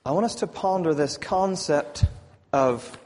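A man preaching a sermon, swinging from loud emphatic lines to near whispers. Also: a little high, a little slow, in a large hall.

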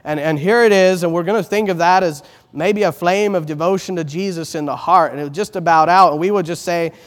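Speaking a little fast in a voice that sits high, a middle-aged man preaches earnestly. He layers repeated words as he builds, loud on the exalted phrases and quiet on the tender ones.

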